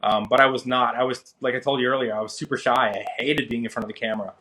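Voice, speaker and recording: Guest: thirties man, casual storyteller, lively when quoting others. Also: fast talker. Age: 30s. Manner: animated, acts out quoted people with rising pitch. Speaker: interview guest, finance creator.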